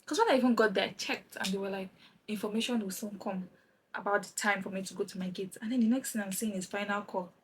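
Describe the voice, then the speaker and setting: A young woman from Nigeria telling a lively travel story while doing her makeup, acting out the other people's lines. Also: mid-range voice, fast, a little hiss or hum, low-quality recording. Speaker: vlogger. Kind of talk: chatty get-ready-with-me story time.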